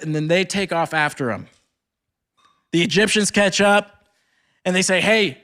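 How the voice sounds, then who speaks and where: A young man with a notably high voice giving a sermon at a retreat. He moves between reading scripture aloud and retelling the story in loose, chatty speech full of "like". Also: sharp tone. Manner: casual retelling peppered with "like". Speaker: speaker at a campus ministry retreat.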